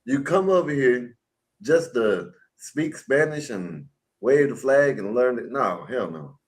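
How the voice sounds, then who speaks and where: A man's voice: medium pitch, animated, takes it slowly, rough recording. A man on a live panel, talking bluntly and heatedly, full of rhetorical questions. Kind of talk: casual live panel chat.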